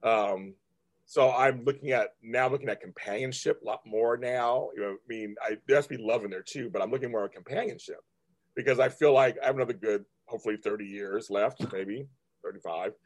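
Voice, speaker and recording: A man in his fifties from California hosts a casual chat, his voice a little husky and breathy. He rambles, stops and restarts his sentences often, and fills the gaps with ums. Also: mid-range voice, fairly quick. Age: 50s. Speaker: host.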